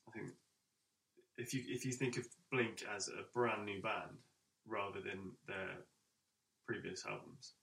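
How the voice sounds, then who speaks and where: Man, relaxed podcast banter, bright tone, roomy echo. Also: on the low side, a little slow, creaky, long pauses. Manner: laid-back, joking interjections. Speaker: podcast co-host. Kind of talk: casual chat.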